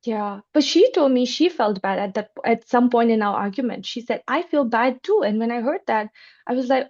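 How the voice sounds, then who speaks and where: A woman with a high voice tells a personal story in an easy conversational way. She hesitates and restarts often, and acts out other people's lines. The recording sounds dull and lo-fi. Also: lively intonation, normal speed, darkish tone. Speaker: club member.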